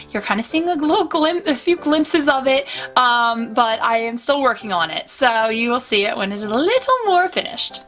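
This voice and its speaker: A woman's voice: on the high side, a bit bright. A young woman chatting casually to her viewers while unboxing collectible pins, rambling with fillers and restarts. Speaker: vlogger.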